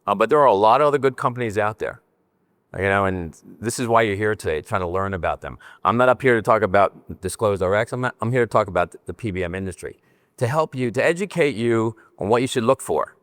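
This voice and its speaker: A man's voice: lowish voice, quick pace, no room sound, studio quality. Joking older man giving a conference talk. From New Jersey. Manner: animated, joking, speaks with his hands. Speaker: conference speaker. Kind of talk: conference presentation. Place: conference session room.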